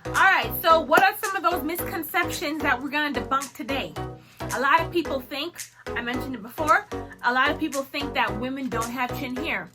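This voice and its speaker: A young woman vlogger telling a personal story to camera in a casual, animated way, acting out what she said. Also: sits high, normal speed, over music. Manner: animated, acts out her own lines with laughs.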